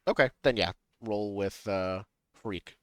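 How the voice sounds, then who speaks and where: A man running a tabletop role-playing game as game master, improvising with halting restarts. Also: fairly low pitch, a bit bright, smooth, dry recording. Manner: halting, many fillers and restarts while improvising.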